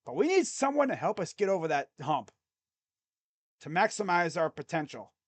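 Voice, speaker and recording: A man giving casual live play-by-play reaction to a basketball game, jumping between loud excited calls and low muttered grumbling as a rambling fan. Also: normal speed. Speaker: sports YouTuber doing live play-by-play.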